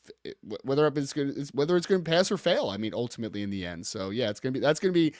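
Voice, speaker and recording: A man's voice: medium pitch, no room sound, studio quality. A man co-hosting a sports podcast, speaking casually and reading viewer comments off a list.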